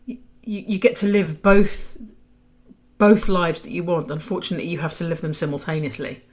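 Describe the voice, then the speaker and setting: A woman's voice: on the low side, moderate pace. Chatty middle-aged woman interviewer. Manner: chatty, self-deprecating humour. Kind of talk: casual conversation.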